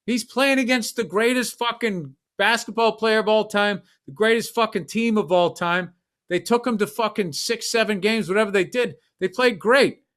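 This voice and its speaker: A middle-aged man on a podcast, riffing in casual chat with blunt, profane asides. His voice sits somewhat high for a man. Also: moderate pace, fairly bright tone. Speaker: podcast co-host.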